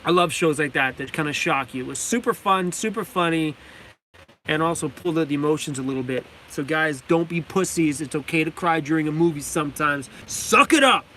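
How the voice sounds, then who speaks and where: A man's voice: fairly high pitch, a little fast, a bit bright, a little hiss or hum. A man from Canada chatting casually on a live stream from his van, enthusiastic, laughing often and reading chat names aloud. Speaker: vlogger hosting a live stream. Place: inside a parked van.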